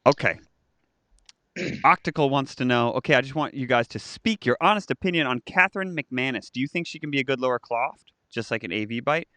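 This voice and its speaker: An animated man on a live stream, his voice jumping up and down in pitch as he jokes around. The tone is bright and a little forceful, and the sound is close and dry, with no room echo. He reads viewer comments and throws in quick impressions. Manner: animated, jokey, mimics voices. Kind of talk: casual chat, reading viewer comments.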